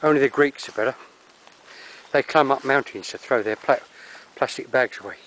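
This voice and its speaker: A man's voice: medium pitch, moderate pace, fairly bright tone, a little hiss or hum. An older man with a Cockney accent, wheezing and out of breath as he narrates a climb up a steep wooded hill. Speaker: vlogger. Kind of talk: walking vlog narration. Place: steep wooded hillside outdoors.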